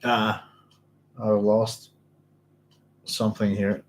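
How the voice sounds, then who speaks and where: A man's voice: lowish voice, completely flat delivery, drawn-out words, a little hiss or hum, rough recording. A man, hosting a book club, reads passages aloud and stops often to check his notes and apologise in a chatty way. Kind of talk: reading aloud with casual commentary.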